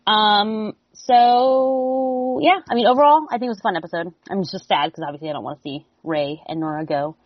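A woman co-hosting a podcast, casually listing what she liked in an episode with many pauses and "um"s. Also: medium pitch, steady tone, no echo. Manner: easygoing, many "um"s. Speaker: podcast co-host. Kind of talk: casual TV recap chat. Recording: dry, muffled lo-fi audio.

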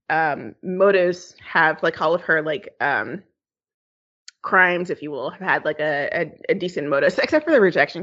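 A woman's voice: on the low side, a bit bright. A woman chatting casually as a podcast co-host, rambling and laughing often. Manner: giggly, rambling, quick to laugh. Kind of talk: casual chat. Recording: slightly dull lo-fi sound.

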